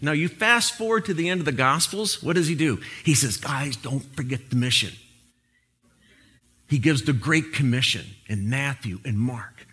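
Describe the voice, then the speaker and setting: A man's voice: mid-range voice, moderate pace, breathy edge. A man preaching a sermon, opening in prayer and telling a humorous story before turning to the message. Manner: animated storytelling with prayer and jokes. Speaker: pastor.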